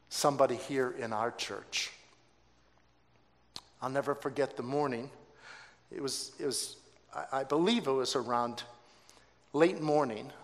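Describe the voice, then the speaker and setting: Male pastor, mid voice, animated sermon storyteller, reverberant sanctuary. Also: medium pitch. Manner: animated, acts out quoted voices, stammering restarts. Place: church sanctuary. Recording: long hall reverb.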